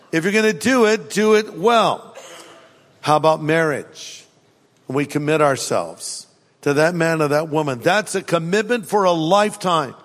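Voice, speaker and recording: High-voiced male pastor preaching in a reverberant hall. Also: a bit bright. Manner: humorous, acts out everyday people in quick asides. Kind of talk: sermon.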